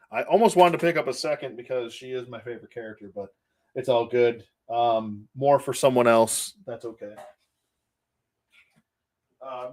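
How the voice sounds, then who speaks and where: A middle-aged man from the Buffalo area hosting a casual toy-collecting livestream, rambling, laughing often and greeting viewers by name. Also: mid-range voice. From Buffalo, New York area.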